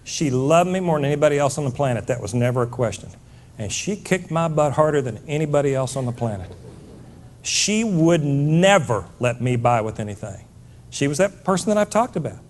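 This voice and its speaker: Brief: middle-aged male motivational speaker, high-pitched, blunt and emphatic, lively swings in pitch, on stage. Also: brisk, slight background noise. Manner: blunt, emphatic, addresses the audience as folks. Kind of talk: keynote speech. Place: stage before a live audience.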